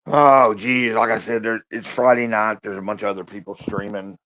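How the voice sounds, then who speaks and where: A man's voice: lowish voice, steady tone, a bit bright. Downcast man in his fifties, swearing. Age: 50s. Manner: downcast, halting, heavy swearing, sighing. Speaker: livestreamer. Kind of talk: live-stream monologue. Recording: muffled lo-fi stream audio.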